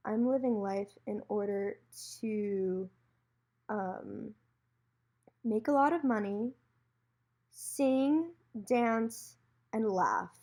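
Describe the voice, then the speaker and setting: A woman's voice: mid-range voice, slow pace. A young woman hosting her own podcast, telling a story alone and acting out the lines of the people in it. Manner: animated storyteller, acts out quoted lines. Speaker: podcast host.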